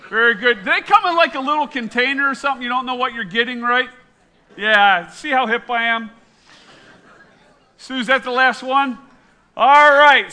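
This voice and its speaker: A middle-aged man, a pastor, running a quiz with his congregation and telling an animated, self-mocking story. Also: very high-pitched, clean tone.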